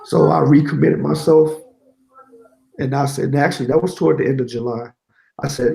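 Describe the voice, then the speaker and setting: A man being interviewed, telling a candid, animated story about his own setbacks and quoting others as he goes. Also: on the high side, brisk, vocal fry, long pauses, echoey room, low-quality recording. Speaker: guest, certified network engineer.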